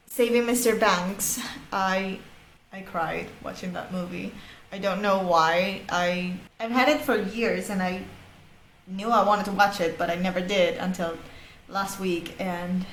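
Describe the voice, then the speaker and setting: A woman's voice: medium pitch, steady tone, measured pace, fairly bright tone, echoey room, a little hiss or hum. A young Venezuelan woman with a Venezuelan accent, chatting casually in a vlog about a show she just finished. She talks emphatically and swears, though a sore bitten lip makes her speech a little awkward. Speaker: vlogger.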